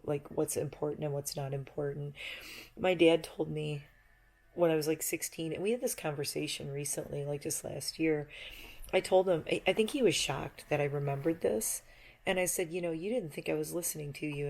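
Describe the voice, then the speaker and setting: Low-voiced woman rambling casually. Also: darkish tone. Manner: chatty, reflective, laughs easily. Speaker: vlogger.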